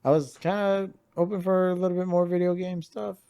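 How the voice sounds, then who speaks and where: A man co-hosting a podcast, talking in a relaxed, easygoing way as he wraps up the show. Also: high voice, brisk, clear, resonant tone. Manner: relaxed, easygoing, laughs between lines. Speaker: podcast co-host. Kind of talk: casual chat.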